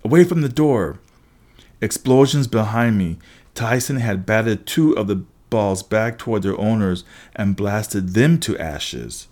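A man reading a first-person adventure story aloud as an audiobook narrator, brisk, with occasional restarts. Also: lowish voice, a little mellow.

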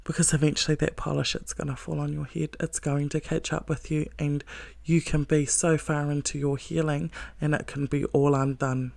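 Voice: medium pitch, level tone, normal speed, creaky, darkish tone, no echo. A self-help speaker giving a blunt, heavily profane motivational monologue, earnest and emphatic, with short laughs.

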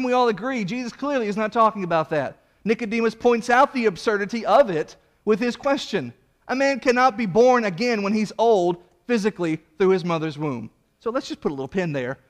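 High-voiced animated male preacher. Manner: animated preaching, acting out quoted figures with rising pitch. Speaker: pastor. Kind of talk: sermon.

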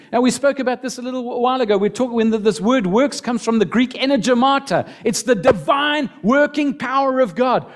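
Male pastor, sermon, high-pitched, emotional, impassioned. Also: expressive, brisk, hardly any pauses. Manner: emotional, building to impassioned appeals.

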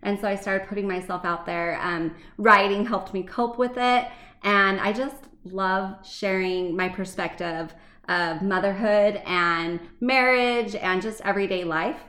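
A woman in her thirties from Arizona, a writer and guest, talking casually with self-deprecating humor and quick funny asides. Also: mid-range voice, a bit bright. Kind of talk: casual interview chat. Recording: echoey room.

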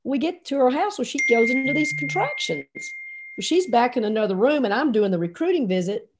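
Animated woman telling a story. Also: high-pitched, brisk, heavy background noise. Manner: animated, lots of quoted dialogue. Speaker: storyteller recalling a coaching trip. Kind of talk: anecdotal storytelling.

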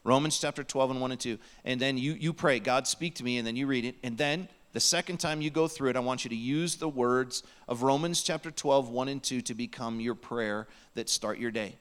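A man's voice: medium pitch, brisk, hardly any pauses, fairly bright tone, clear, resonant tone. A man preaching a sermon in a church, earnest and pleading, sometimes dropping to a near whisper. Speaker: pastor. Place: church sanctuary.

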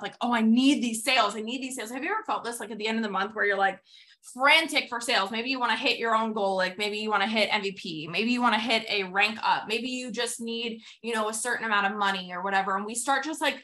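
A young adult woman with a medium-pitched, bright, forceful voice hosts a motivational podcast as a sales coach. She retells a TV episode, acting out its quotes, and draws lessons from it for sales teams.

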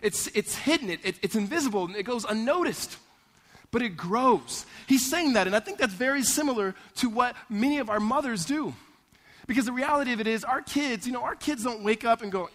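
Man pastor, high-pitched, conversational sermon delivery, long church reverb. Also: a little fast. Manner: animated, conversational storytelling with repeated "right?". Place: church sanctuary.

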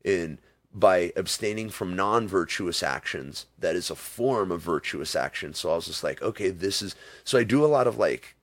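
In a relaxed interview, a man wanders through long stories, acting out the quotes as he goes. His voice sits low with a slightly bright edge, and there's no echo.

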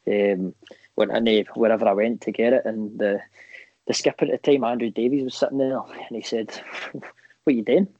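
Young man, Scottish accent, animated storyteller, dry room, muffled lo-fi sound. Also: on the low side, moderate pace, dry recording. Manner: animated, swears freely, acts out quoted dialogue. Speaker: footballer guest. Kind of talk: casual storytelling interview.

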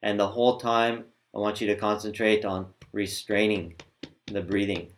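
Patient male teacher, slightly low voice, walks learners through sounds with halting restarts. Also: flat delivery. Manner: patient, hesitant, demonstrates sounds aloud. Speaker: Sanskrit recitation teacher. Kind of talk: step-by-step pronunciation lesson.

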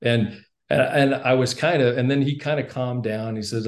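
A man who is a podcast guest, telling a story in casual conversation. He is animated, laughs often and repeats words as he starts his sentences. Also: medium pitch, normal speed, few pauses.

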